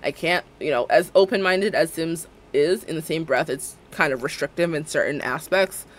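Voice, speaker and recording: A woman's voice: deep voice, moderate pace. A woman live-streaming a game, chatting casually and rambling, laughing often as she talks. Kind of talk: casual live-stream chat while playing.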